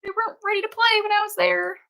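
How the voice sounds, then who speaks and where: A woman's voice: very high-pitched, steady tone, quick pace, gravelly, bright, forceful tone, voice pushed up, exaggerated voice. A woman voicing a grumpy mother dog who feels left out, in a wry, slightly raised pet voice. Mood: grumbling.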